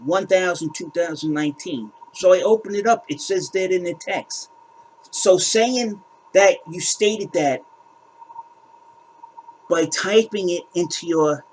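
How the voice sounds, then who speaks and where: A man's voice: high voice, a little hiss or hum, rough recording. A man hosting his own crypto channel, ranting in a heated, casual way and often repeating and restarting his words. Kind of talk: heated casual rant to camera.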